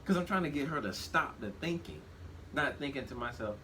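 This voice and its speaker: A man in his thirties talking casually on a podcast. He speaks reflectively, restarts his sentences often and gets animated when he quotes himself. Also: medium pitch, fairly quick, poor audio. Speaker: podcast co-host. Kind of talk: casual conversation. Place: shop. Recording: steady background noise.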